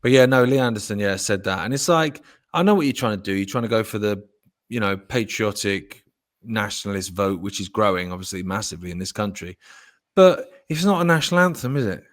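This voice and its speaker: A middle-aged man with a low voice, telling sweary, animated stories as a podcast co-host. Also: brisk. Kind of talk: casual chat.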